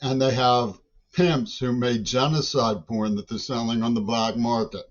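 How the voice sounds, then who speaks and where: An older man rants in a long, agitated monologue, often cutting off his words and starting over. His voice sits in an ordinary middle pitch. The recording sounds dull and lo-fi. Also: fairly even intonation, a little slow. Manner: agitated, rambling rant with frequent restarts. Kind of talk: rambling monologue.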